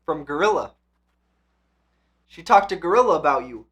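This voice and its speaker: With a voice on the high side, this man hosts an anime reaction channel at a moderate pace, leaving long pauses. He's casual and excitable, curses, and alternates hyped yelling with quiet reflection.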